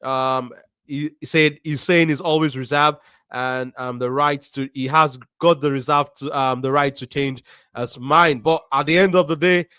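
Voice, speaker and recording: Measured man reading viewer comments. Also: mid-range voice, steady tone, bright, forceful tone, clean tone, no room sound, studio quality. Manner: measured, many ums and restarts. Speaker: host of a football fan stream.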